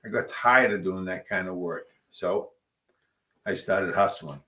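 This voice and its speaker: A man's voice: low-pitched, a little slow, bright, forceful tone, roomy sound. A man in a casual chat, talking bluntly and plainly.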